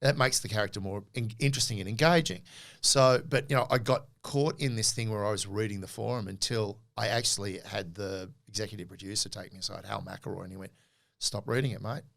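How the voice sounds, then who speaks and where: A middle-aged Australian man, a podcast guest, telling animated stories in a casual interview and acting out quoted dialogue. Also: lowish voice, brisk, vocal fry.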